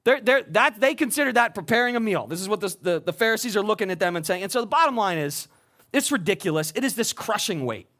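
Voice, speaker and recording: A middle-aged man preaching with a lively voice that swings up and down in pitch. He talks to the congregation in an emphatic, conversational way and keeps tagging his points with "right?". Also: fast. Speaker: pastor. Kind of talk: sermon.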